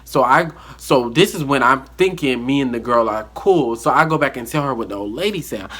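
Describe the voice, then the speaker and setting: A man telling a casual storytime on his vlog, animated and acting out the quotes. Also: mid-range voice, a little fast. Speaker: vlogger.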